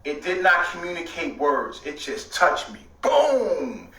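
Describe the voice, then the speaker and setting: A man telling a rambling story in casual talk, swearing often and at times breaking into shouts. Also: fairly high pitch, wildly swooping pitch, measured pace, recorded from a distance. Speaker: host. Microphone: streaming setup. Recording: echoey room, away from the mic.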